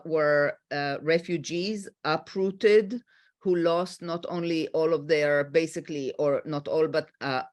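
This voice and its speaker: A middle-aged woman with an Israeli accent, moderating a panel discussion in a halting way with many fillers. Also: low voice.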